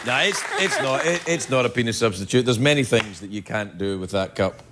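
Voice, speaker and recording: A Scottish man hosting a late-night talk show, teasing his guest with quick jokes and asides. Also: medium pitch, lively intonation, over a noisy crowd, very noisy. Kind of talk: comic banter with a guest. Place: TV studio with live audience.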